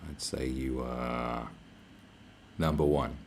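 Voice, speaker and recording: A man's voice: rumbling low, steady tone, takes it slowly, creaky, a little hiss or hum. A man chatting live on his stream, rambling and swearing freely as he reads out messages from viewers. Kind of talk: casual livestream chat. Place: where he is staying, not his home.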